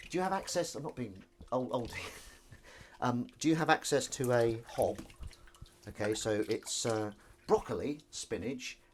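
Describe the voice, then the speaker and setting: A man's voice: mid-range voice, slight background noise. A man hosting a casual live stream from his kitchen sink, rambling chattily with self-mocking asides.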